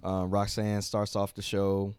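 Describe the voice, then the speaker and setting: A man co-hosting a podcast, casually recapping wrestling shows and acting out the wrestlers' lines in quick voices, swearing now and then. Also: lowish voice, monotone, darkish tone, smooth, dry recording, clean studio sound. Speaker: podcast co-host.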